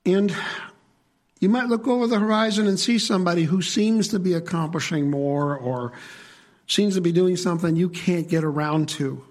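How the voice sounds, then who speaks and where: Guy preaching to his church, kinda husky, chatty, asks the room stuff. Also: high voice, normal speed, a little mellow. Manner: conversational, asks the congregation questions. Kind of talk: sermon.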